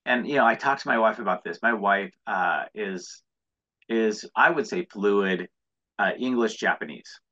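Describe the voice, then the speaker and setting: A man's voice: on the low side, measured pace, pushed and bright. A man with an American accent, chatting as an interview guest in an earnest, rambling way with frequent restarts, on dull lo-fi audio. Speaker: guest, entrepreneur. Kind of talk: casual interview talk.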